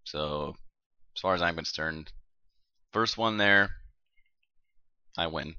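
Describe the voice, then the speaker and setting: Profane, laughing man, bright and dry. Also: low voice, takes it slowly, clear, resonant tone, dry recording, dull audio. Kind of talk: casual podcast chat with friends.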